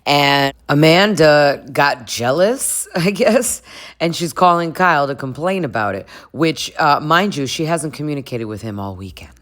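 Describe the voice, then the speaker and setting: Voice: medium pitch, lively intonation, unhurried, fairly bright tone. A vlogger recapping a reality show in a chatty, gossipy way, often laughing between lines.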